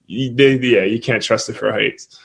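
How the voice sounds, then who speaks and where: A young man from Canada, a college basketball player, chatting casually as a guest in an interview, relaxed and quick to laugh. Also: on the low side, gravelly, husky. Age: young adult. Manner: laid-back, laughs often, lots of "like".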